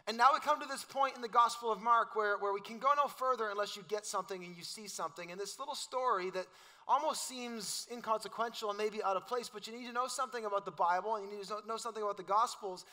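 High bright-voiced pastor. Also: male voice. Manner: casual, joking, storytelling with quoted voices. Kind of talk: sermon.

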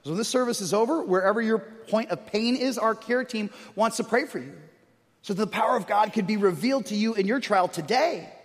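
A man preaching a sermon as pastor, animated, moving from loud storytelling to hushed emphasis. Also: sits high, a little fast, big-room sound.

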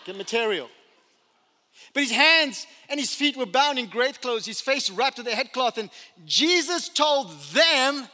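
A man preaching a sermon as pastor, telling the story with animated energy and humorous asides. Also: very high-pitched, unhurried. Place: church sanctuary. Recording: long church hall reverb.

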